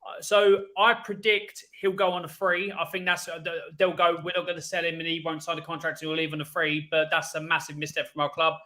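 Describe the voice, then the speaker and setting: A man with a bright, forceful voice pitched a little high. He talks bluntly and defensively in a casual panel debate. His points come out short and firm. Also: flat delivery, fairly quick. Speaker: podcast panelist.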